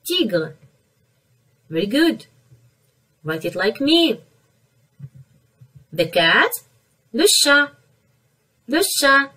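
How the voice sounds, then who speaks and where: Woman teacher drilling french words for kids, husky voice, sits back from the mic. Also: on the high side, sing-song, sharp tone, distant mic, rough recording. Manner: repeats each word slowly, drilling pronunciation. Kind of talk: online French vocabulary lesson for young children.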